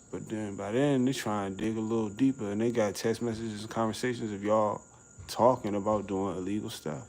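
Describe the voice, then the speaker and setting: Middle-aged male vlogger, low gravelly voice, casual street slang, outdoor recording with faint background noise. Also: a little mellow, poor audio. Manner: laid-back, slangy, laughs often, acts out quotes. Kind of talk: casual outdoor vlog rant. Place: outdoors on a summer evening.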